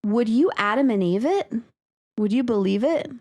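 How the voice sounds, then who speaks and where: A woman co-hosting a podcast in casual chat, excitable and casually profane, reading bits aloud. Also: a little high, moderate pace. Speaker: podcast co-host, teacher.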